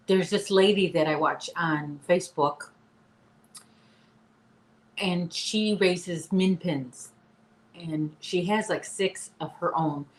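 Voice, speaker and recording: Chatty woman in an echoey room. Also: lowish voice. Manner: chatty, talks to her dog and viewers. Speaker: livestream host. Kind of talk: casual live chat. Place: apartment room.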